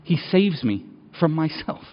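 A man's voice: a little high, very animated, unhurried. A man giving a sermon as personal storytelling, talking conversationally and repeating phrases as his intensity builds. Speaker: preacher. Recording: dull, reverberant hall sound.

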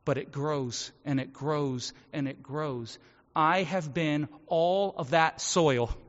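Fairly high-pitched and unhurried, this preacher delivers his church sermon conversationally. He acts out the voices of the characters in his stories, and the audio is dull and echoey from the hall.

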